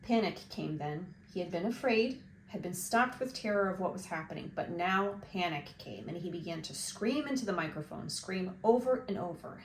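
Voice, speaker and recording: A woman reading a novel aloud for a book club, in a measured, expressive storytelling voice. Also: lowish voice. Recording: roomy with faint hiss.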